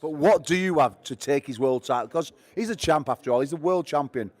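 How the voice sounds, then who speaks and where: A brash man hosts a press conference and hypes up the fighters in a noticeably high voice. He jokes and swears freely while he banters with the guests. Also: fairly quick. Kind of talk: hype introductions and banter.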